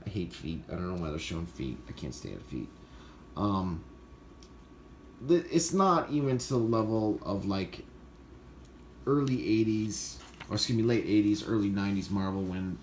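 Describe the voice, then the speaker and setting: Scoffing low-voiced man reviewing comics. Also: a little mellow, a little hiss or hum. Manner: dismissive, scoffing, many filler uhs. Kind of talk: casual ranting review. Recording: roomy echo, faint ambience.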